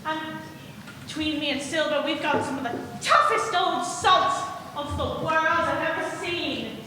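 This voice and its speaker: A young woman playing a pompous, chatty gentleman squire in a school stage play, rambling and stumbling over words. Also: high-pitched, a little slow. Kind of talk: high school stage acting. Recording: distant echoey hall, noisy.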